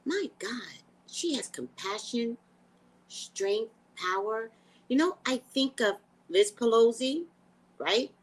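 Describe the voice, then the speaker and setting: A woman's voice: on the high side, expressive, takes it slowly, poor audio. A woman psychic hosting a live news chat, blunt and emotional, swearing freely. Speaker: psychic host.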